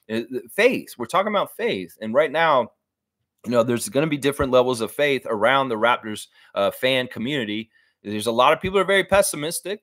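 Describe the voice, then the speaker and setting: A man's voice: mid-range voice, no echo, clean studio sound. A man hosting a casual fan livestream, reading viewer comments aloud and joking, slipping into silly voices now and then. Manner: animated, jokey, puts on voices mid-sentence.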